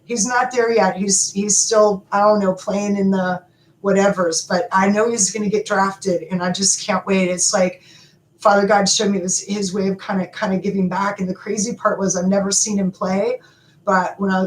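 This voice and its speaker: A middle-aged woman hosting a live stream, talking to viewers in an animated, emotional and rambling way, often laughing. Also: mid-range voice. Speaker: livestream host. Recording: echoey room with faint background noise.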